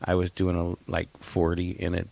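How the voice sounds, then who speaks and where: A man's voice: sits low, monotone, moderate pace, vocal fry, warm tone, dry recording. A man co-hosting a podcast in casual chat, crude and jokingly over the top, swearing heavily. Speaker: podcast co-host.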